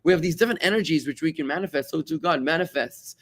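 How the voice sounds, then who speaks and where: A middle-aged man from South Africa, a rabbi giving a conversational class, animated and quick to act out quoted voices. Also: on the high side. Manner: animated, repeats words, acts out quoted voices.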